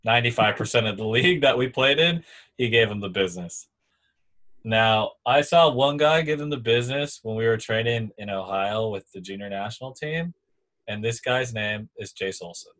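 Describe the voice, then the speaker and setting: Young man telling an animated sports story. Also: fairly low pitch, moderate pace. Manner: animated storyteller, acts out quotes. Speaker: former volleyball player. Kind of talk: casual storytelling chat.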